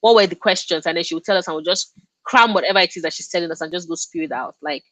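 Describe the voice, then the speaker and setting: A woman's voice: fairly low pitch, very fast, bright, forceful tone, dry recording. A young woman whose first language is Yoruba, chatting casually and laughing on a live stream as a reading host. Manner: chatty and laughing, reacts to viewer comments. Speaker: book streamer hosting a reading check-in.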